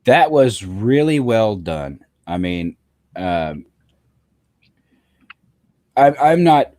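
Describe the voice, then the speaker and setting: Guest: man, low and animated pitch, hesitant film reviewer with false starts. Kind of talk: casual movie review chat.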